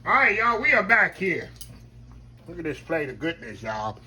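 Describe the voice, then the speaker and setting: A man's voice: on the high side, sing-song, moderate pace, pushed and bright. A man hosting a casual home cooking demonstration in his kitchen, talking folksily to viewers as "y'all" and savoring the food aloud. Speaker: cooking channel host.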